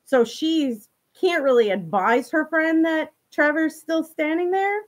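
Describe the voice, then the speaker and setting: A woman's voice: sits high, unhurried. A woman hosting a show, casually retelling a true-crime story to her viewers, full of "you know" and restarts. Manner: talks straight to viewers. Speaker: host.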